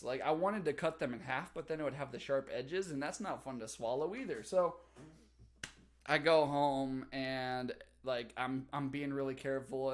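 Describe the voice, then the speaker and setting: On a casual livestream, a young male streamer tells a story with lively delivery, big jumps in pitch, and bursts of laughter.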